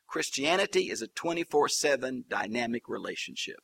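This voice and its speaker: A man's voice: medium pitch, sing-song, fairly quick, gravelly, fairly bright tone, breathy edge. A man preaching a Bible teaching sermon, folksy and humorous with colloquial asides.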